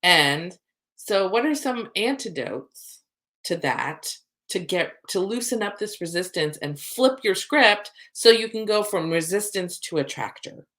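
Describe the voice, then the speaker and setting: A middle-aged woman, a soul coach, talking casually to camera and acting out her own inner thoughts in lively asides. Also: medium pitch, a little slow.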